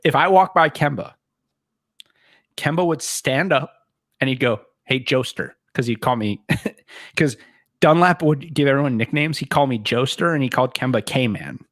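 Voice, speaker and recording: A man co-hosts a podcast and spins a long, rambling anecdote at a mid pitch, often quoting others and restarting his sentences. The recording is dry and close, with no room sound. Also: lively intonation, normal speed, pauses often, a bit bright, dry recording. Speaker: podcast co-host. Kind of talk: casual storytelling.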